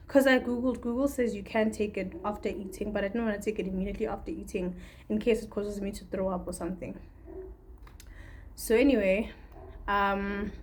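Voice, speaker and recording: A woman's voice: mid-range voice, darkish tone, slight background noise. A young woman from Africa, talking through a candid, rambling personal video diary. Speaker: vlogger.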